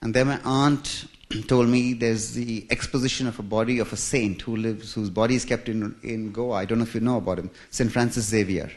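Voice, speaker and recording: A man's voice: medium pitch, fairly even intonation, brisk. Chuckling man telling stories. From India. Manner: humorous, self-mocking, chuckling. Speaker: speaker telling his life story. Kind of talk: storytelling talk. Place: church.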